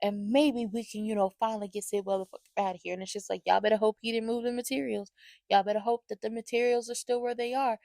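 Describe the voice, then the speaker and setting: A woman's voice: a little high, fairly even intonation, quick pace, vocal fry, warm tone, dry recording. A woman giving an opinionated soap opera recap in a sassy, slangy, ranting way.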